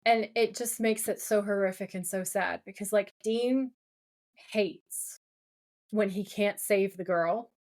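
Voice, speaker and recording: A woman with a mid-range voice speaks at a measured pace as she co-hosts a podcast. In loose, lively conversation she recounts a TV episode, leaning heavily on fillers.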